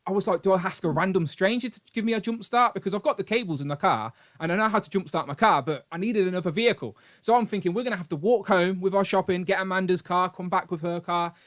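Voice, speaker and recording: A British man hosting a live stream, telling a long story in an animated, rambling way with grumbling asides. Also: high voice, fast talker, few pauses. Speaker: host. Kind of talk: casual live-stream chat.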